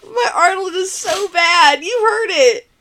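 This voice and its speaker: A woman's voice: very high voice, animated, slow pace, crowd noise. A woman in casual podcast chat, laughing often between her words.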